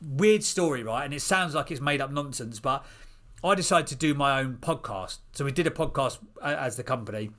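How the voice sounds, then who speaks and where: Man, 30s, podcast guest; rapid storyteller who acts out voices. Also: medium pitch. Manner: animated, acts out other people's voices.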